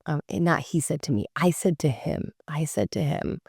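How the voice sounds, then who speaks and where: A podcast host tells a personal story casually in a low, creaky, slightly rough voice at normal speed, recorded dry with clean studio sound. She's chatty and animated, swearing freely, using lots of "like" fillers and acting out the quoted dialogue.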